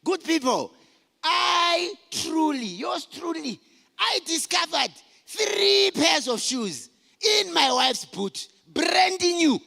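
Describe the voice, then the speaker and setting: A middle-aged man speaks to a conference hall in a high, gravelly voice. He tells his stories with lively swings in pitch and bursts of shouting. Long hall reverb hangs on every word. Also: takes it slowly. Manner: animated storytelling, shouting for emphasis. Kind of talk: motivational talk to men.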